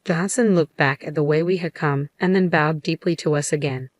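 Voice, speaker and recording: A woman narrating a story in an even, unhurried scripted delivery. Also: sits low, dry recording.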